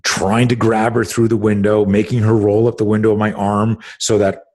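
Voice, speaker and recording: A man's voice: fairly low pitch, level tone, moderate pace, a little mellow. A middle-aged man, a self-defense instructor, telling a story on a podcast in an intense, blunt way, swearing freely and restarting sentences.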